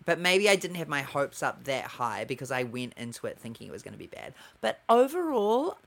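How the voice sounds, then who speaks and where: A young man co-hosting a casual podcast, telling stories in an animated, playful way. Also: mid-range voice, fast, gravelly. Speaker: podcast co-host. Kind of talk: casual chat.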